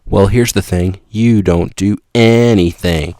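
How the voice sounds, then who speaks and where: At a measured pace, a young man hosting a podcast excitedly wanders through a comic story he's inventing for the listener. Abrupt shifts in pitch and volume mark his delivery, and there's no echo.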